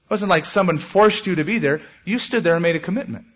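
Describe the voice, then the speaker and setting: A man preaching a sermon as pastor, with animated delivery and dramatic swings in pitch. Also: fast, breathy edge, highs cut off.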